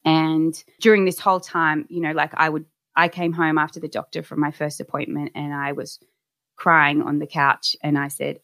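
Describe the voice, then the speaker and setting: Low-voiced woman telling her story. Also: steady tone, normal speed, a bit bright, dry recording. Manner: candid, reflective, with frequent restarts. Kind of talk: personal storytelling.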